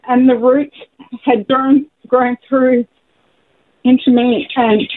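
A middle-aged woman calling in to a radio show, sharing a personal story in an emotional, halting, heartfelt way. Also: a little high. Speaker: caller. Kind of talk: phone-in testimony. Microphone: phone. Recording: tinny phone line with faint noise.

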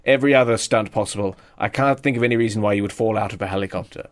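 A man co-hosting a comedy podcast, tossing in deadpan asides during improvised banter. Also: on the low side, racing.

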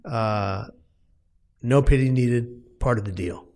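A man's voice: mid-range voice, takes it slowly, darkish tone. A man speaking as an interview guest, telling a personal story earnestly and with emphasis, often restarting his words.

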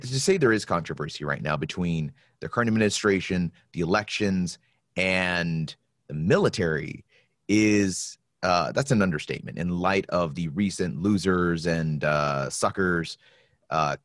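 A man in his forties hosts a casual podcast and tells his stories with a lively, swooping voice, slipping into high, exaggerated voices for the people he quotes. The sound is dry and close, with no room around it. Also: no room sound. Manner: animated storyteller, acts out quotes in high voices. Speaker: podcast host.

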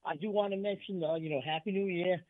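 A man's voice: sits high, fairly even intonation, fast, no echo. A man calling into a sports radio show, eagerly rattling off names and stats. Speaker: caller. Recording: tinny phone line.

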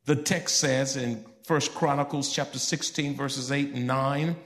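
A man preaching a sermon to his congregation in church, asking them questions and building to emphatic high points. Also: steady tone, measured pace, few pauses, fairly bright tone. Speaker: pastor.

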